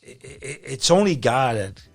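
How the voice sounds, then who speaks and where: A pastor telling his story in a casual interview, animated and slangy as he talks. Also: medium pitch, moderate pace, gravelly, soft background music. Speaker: pastor and podcast guest.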